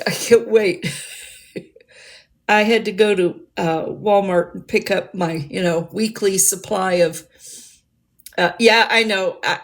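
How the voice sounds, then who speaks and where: A woman rambles through a casual livestream chat and laughs often as she goes. She talks slowly and unhurriedly at a middling pitch, and a snack bag crinkles behind her. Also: vocal fry.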